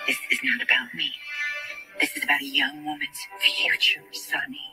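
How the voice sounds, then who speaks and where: A woman's voice: low voice, big pitch swings, normal speed, bright, forceful tone, faint music behind, full character voice, poor audio. An actress playing a determined woman urgently pressing a man for help in a TV soap scene.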